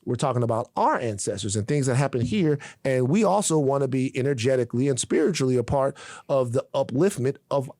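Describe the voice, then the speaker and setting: A man's voice: mid-range voice, darkish tone, dry recording, studio quality. A man from the United States co-hosting a podcast, talking emphatically and repeating phrases for weight. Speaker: podcast co-host. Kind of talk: casual podcast discussion.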